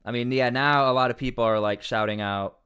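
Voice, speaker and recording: A man's voice: mid-range voice, fairly even intonation, brisk, a bit bright, clean tone. A man commenting on news during a casual livestream, rambling with many fillers and restarts.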